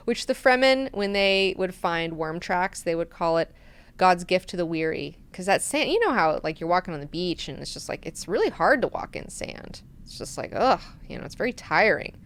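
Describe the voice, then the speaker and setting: A woman hosting a book club, casually recapping chapters in an animated, chatty way with plenty of swearing. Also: on the low side, moderate pace. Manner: animated, profane, chatty retelling.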